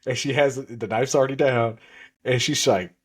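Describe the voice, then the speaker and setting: A man's voice: mid-range voice, fairly even intonation, moderate pace, breathy edge. A man co-hosting a podcast, casually recapping a TV episode and acting out scenes with swearing and laughter. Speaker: podcast co-host.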